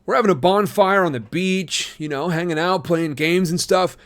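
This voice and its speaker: An overeager teenage older brother, put on by a man reading aloud. His voice sits high above the reader's usual tone and has a bright, salesy push. Every line sounds like a pitch for a club. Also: moderate pace. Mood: enthusiastic. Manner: enthusiastic and salesy.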